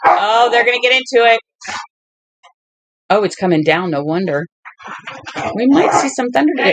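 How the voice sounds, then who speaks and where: A woman's voice: animated, moderate pace, long pauses, background noise. A woman reading a novel aloud at home who often breaks into chatty talk with the people and dogs around her. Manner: chatty, talks to her dogs in a high baby voice. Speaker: audiobook reader and channel host.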